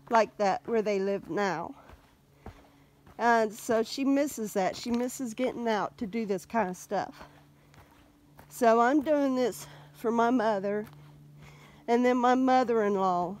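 A woman's voice: on the high side, a little mellow. A middle-aged woman vlogging as she walks, talking in a heartfelt way and tearing up, a little sniffly. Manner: tearful, heartfelt. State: teary, sniffly. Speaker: vlogger on a walk. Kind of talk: casual vlog chat while walking.

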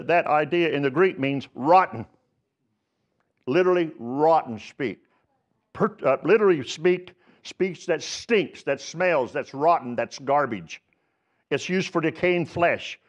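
A man's voice: mid-range voice, highs cut off. A man preaching a sermon as pastor, telling folksy stories and building to emphatic exhortations. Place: church sanctuary.

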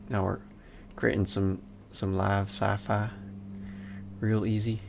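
A man's voice: on the low side, little pitch movement, takes it slowly, gravelly, noisy background. A man giving a casual live-stream 3D modeling lesson, muttering to himself with dry asides as he works. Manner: muttering, self-talk, dry asides while working. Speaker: 3D modeling instructor streaming a class.

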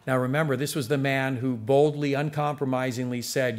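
A man's voice: mid-range voice, steady tone, normal speed, hardly any pauses. Earnest conversational male pastor preaching. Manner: earnest, conversational preaching that addresses the congregation directly. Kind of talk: sermon.

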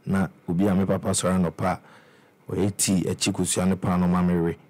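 A young Ghanaian man, a musician guest, tells his life story in a casual interview, switching between English and Twi. His low voice stays level and sounds a little mellow, and he talks briskly with many restarts and repeated words.

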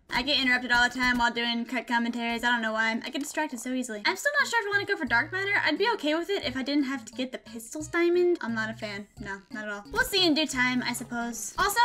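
Young woman, upbeat gaming commentator; very high, bright, bubbly, hot desk mic. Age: young adult. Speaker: gaming YouTuber. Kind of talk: gameplay commentary vlog. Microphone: desk mic, levels set too high.

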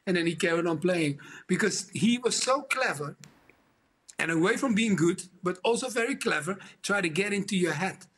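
A man who is a former footballer, telling stories on a sports panel in an animated, laughing way. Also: sits high, normal speed, breathy edge. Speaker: football pundit, former player. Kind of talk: panel chat.

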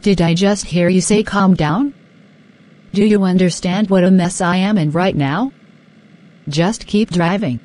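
A woman voicing a flustered young fiancée in an animated drama, sharp-tongued and anxious. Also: on the low side, unhurried, natural voice. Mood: exasperated. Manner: exasperated, sharp-tongued, fretful.

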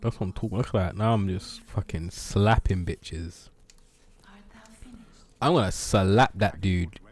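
A man's voice: low voice, unhurried, darkish tone. A man streaming a video game live, rambling and swearing as he jokes with his chat. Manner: rambling, profane, joking banter with chat. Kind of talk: live gameplay commentary.

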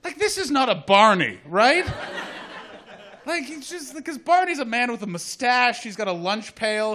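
A Canadian man hosting a live comedy chat show, joking loudly, then dropping into muttered asides. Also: very high-pitched, very animated, unhurried. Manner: loud, jokey, swings between shouting hype and muttered asides. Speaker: host. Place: live comedy venue with audience.

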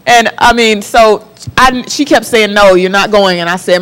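A young woman from the Florida Panhandle sharing a personal testimony as a talk show guest, animated and laughing often. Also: mid-range voice, moderate pace, noisy background.

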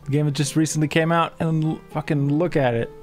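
A man hosting a relaxed let's play with his wife, chatting and reading the story in a playful, old-timey way. Faint music sits under his voice. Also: fairly high pitch, fast. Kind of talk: casual gameplay commentary and story reading.

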